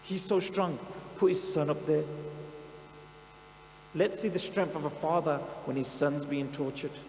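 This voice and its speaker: In an echoey outdoor camp hall with mains hum, a British Punjabi preacher delivers a dramatic, impassioned sermon-story, slipping Punjabi phrases in. His voice is fairly high, darkish in tone, and unhurried.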